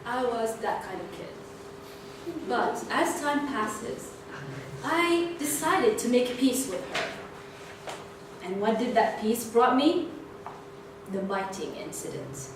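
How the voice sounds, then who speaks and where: A young woman giving a prepared club speech, telling a playful story with animation. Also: a little high. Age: young adult. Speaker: club speaker. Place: meeting room. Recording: echoey room, distant mic, background noise.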